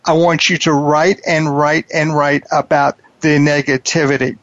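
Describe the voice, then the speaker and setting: A man's voice: fairly high pitch, level tone, fairly bright tone, no echo. Emphatic man coaching on a dry lo-fi line. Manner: preachy, emphatic, repeats key phrases slowly. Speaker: podcast host and wealth coach. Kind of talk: coaching interview.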